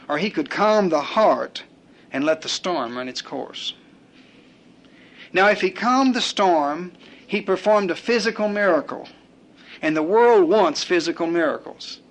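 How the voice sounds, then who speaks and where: A male preacher delivers a sermon at a slow, deliberate pace, letting pauses hang between his points. His voice sits a little higher than most men's. He builds through rhythmic repetition and acts out the prayers and complaints he quotes.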